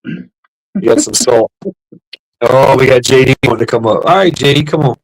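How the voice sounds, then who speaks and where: A man's voice: medium pitch, moderate pace, low-quality recording. A middle-aged man hosting a casual livestream, rambling and swearing, repeating himself and laughing often. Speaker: livestream host.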